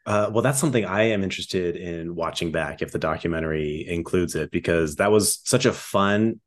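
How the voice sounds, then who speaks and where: A man with a very deep voice chats as a podcast guest. He talks candidly and loosely, with a self-deprecating streak. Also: a little fast, slight background noise. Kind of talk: casual chat.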